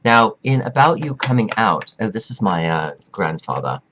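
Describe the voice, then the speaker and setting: A man's voice: lowish voice, very animated, normal speed, lo-fi sound, background noise. A man giving a meandering, preachy spiritual pep talk, stretching out words for emphasis. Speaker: self-help speaker.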